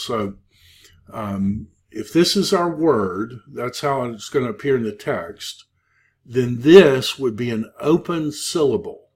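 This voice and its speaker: A man teaching a Hebrew grammar class, talking slowly with many pauses and fillers. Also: medium pitch, a little mellow. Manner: slow, halting, many fillers. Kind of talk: classroom lecture.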